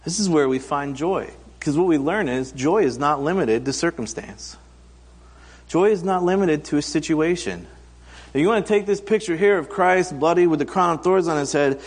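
A man in his thirties gives a conversational sermon, his voice sitting a little high. He slips into funny quoted voices as he tells stories. The sound carries a long reverb from a large hall. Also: lively intonation, normal speed, husky. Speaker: pastor.

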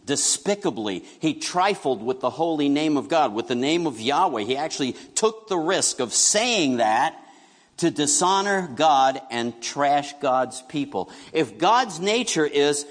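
A man's voice: fairly high pitch, measured pace, in a large hall. A middle-aged man preaching a sermon as a pastor, telling stories in a conversational way and acting out quotes. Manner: conversational, animated storytelling with acted quotes.

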